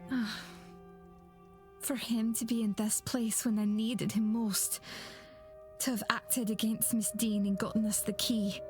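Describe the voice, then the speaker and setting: An actress playing a gentle woman with second sight in a video game, soft, measured and earnest, over game music. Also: on the high side, flat delivery, close to an everyday voice.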